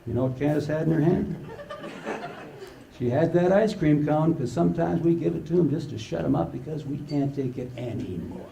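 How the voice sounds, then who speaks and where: An older man giving a humorous keynote to a conference audience, an animated storyteller who acts out the dialogue. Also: a little high, moderate pace, gravelly, background noise. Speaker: conference speaker. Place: large conference hall with live audience. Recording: echoey conference hall.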